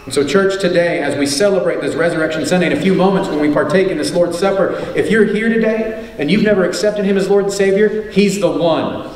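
Pastor preaching in an echoey church. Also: male voice, sits high, brisk, darkish tone. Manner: earnest preaching with emphatic repetition. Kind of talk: sermon. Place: church sanctuary. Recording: echoey church hall, mic at a distance.

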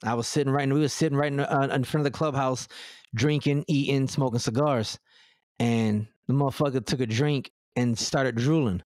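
A man's voice: medium pitch, steady tone, normal speed, darkish tone, dry recording. A man talking in a blunt, profane, very direct way, tripping over his own words as he restarts sentences. The sound is close and dry, with no room around him. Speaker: podcast guest. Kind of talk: blunt casual chat.

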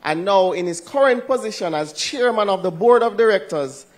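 Co-host, dry and teasing, mid-pitched speaking voice. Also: expressive, moderate pace. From Jamaica. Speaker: co-host of a church service. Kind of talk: stage emceeing and introductions.

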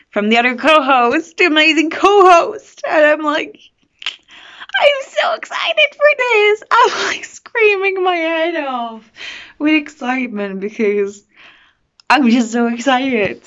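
A bubbly woman book vlogger chats on camera, gushing and rambling with quick restarts. Her voice sits at a middling pitch, and the recording sounds a little dull and lo-fi. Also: fairly bright tone. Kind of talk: casual vlog chat.

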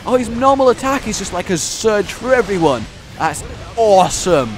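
A man commentating his own gameplay in an excitable, rambling way, full of jokes and sudden shouts. His voice sits a touch high for a man and leaps all over the place. Faint game music runs underneath. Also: normal speed. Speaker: gaming channel host. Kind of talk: let's play commentary.

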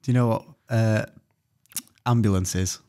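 A man's voice: on the low side, fairly even intonation, moderate pace, warm tone, smooth. A man, chiming in on a podcast with short, dry quips. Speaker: podcast co-host. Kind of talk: casual banter.

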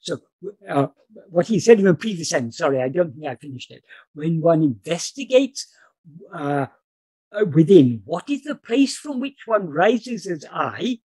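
A man giving a measured spiritual talk over a video call, explaining step by step with many fillers and restarts. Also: fairly high pitch, big pitch swings, warm tone, slightly rough, no echo. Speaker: teacher.

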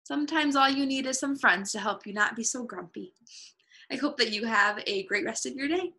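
A woman reading a children's picture book aloud to young listeners, animated and expressive. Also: fairly high pitch. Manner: animated, expressive, slow and clear.

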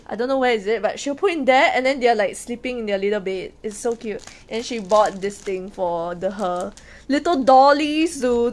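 A woman streaming casually from a hotel room. She is excitable and giggly, and often repeats words and restarts her sentences. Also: on the high side, slight background noise. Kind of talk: casual live stream chat.

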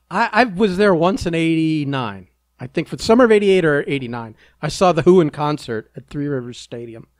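A man hosts a podcast in casual talk, cracking dry, teasing jokes in an offhand way. His voice sits a little high. The sound is close and dry, with no room echo. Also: expressive, moderate pace. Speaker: podcast host.

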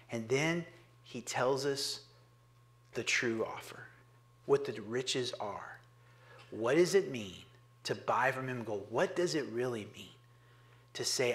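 A man preaching a sermon as pastor, earnest, dropping to hushed whispers and rising to emphatic urging. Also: mid-range voice, moderate pace.

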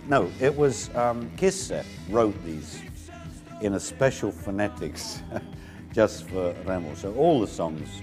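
Deep-voiced producer reminiscing. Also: male voice, slow pace, music in the background. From England. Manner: relaxed rambling storytelling with many fillers. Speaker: record producer. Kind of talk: interview recollection.

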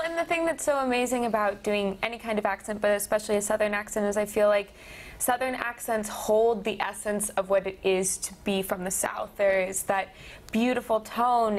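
A young woman chatting as an actress guest in an interview, enthusiastic and expressive. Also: mid-range voice. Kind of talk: casual interview chat.

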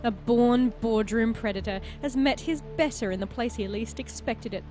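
A woman playing a story game, reading its text aloud as an expressive narrator and chatting between passages. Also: fairly high pitch, normal speed, music in the background. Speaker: player and host of a game playthrough.

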